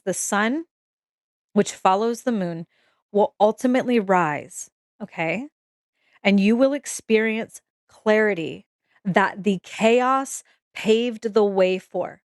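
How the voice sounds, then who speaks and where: A woman's voice: mid-range voice, no room sound, studio quality. Candid, swearing woman giving a spiritual reading. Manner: candid, emphatic, swears freely; addresses listeners directly, checks in often. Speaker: EFT practitioner giving an intuitive reading. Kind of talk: casual spiritual talk to camera.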